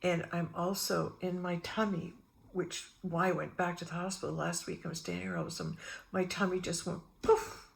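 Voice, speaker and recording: A middle-aged woman with a gravelly, fry-tinged voice sits low in her register as she rambles through spiritual musings. She drifts from one personal story to the next, acting out what others said along the way. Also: a little fast. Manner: meandering, animated re-enactments with quoted voices. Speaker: spiritual vlogger.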